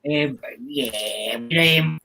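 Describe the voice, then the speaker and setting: A man's voice: fairly high pitch, extremely slow, creaky, pushed and bright, a little hiss or hum, low-quality recording. A man, hosting a casual chat, friendly and rambling with many ums. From Liverpool. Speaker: live stream host.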